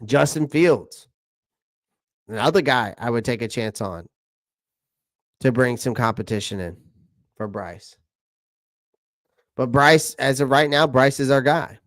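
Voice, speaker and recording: A man's voice: mid-range voice, a little slow, pauses often, fairly bright tone, no room sound, clean studio sound. A man from South Carolina, hosting a casual live stream, reading out viewer comments and answering them in a chatty way that repeats his points. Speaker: channel host answering live chat.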